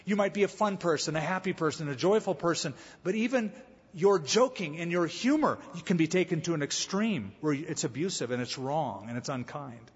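Male pastor, fairly high voice with a husky edge, storytelling sermon delivery, church reverb. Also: animated, fairly quick. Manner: storytelling preacher with humor. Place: church sanctuary. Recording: echoey hall, slightly dull sound.

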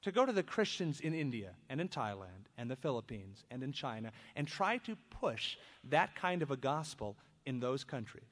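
A man preaching a sermon, reading scripture aloud and then breaking into lively, conversational asides. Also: medium pitch, normal speed, hardly any pauses. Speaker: pastor. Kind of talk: expository sermon. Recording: long reverb of a large hall.

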